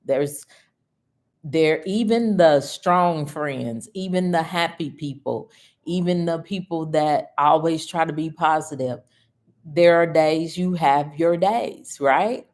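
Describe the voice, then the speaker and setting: Slow-talking tearful woman, low pitch. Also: a little mellow. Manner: slow, emotional and personal, with frequent laughs. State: tearful, grieving. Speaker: host of a livestream. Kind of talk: casual livestream chat.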